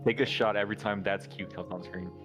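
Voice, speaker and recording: A man's voice: on the low side, steady tone, fast talker, over music. A man co-hosting a game stream, cracking jokes in casual banter. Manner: wisecracking. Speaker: co-host.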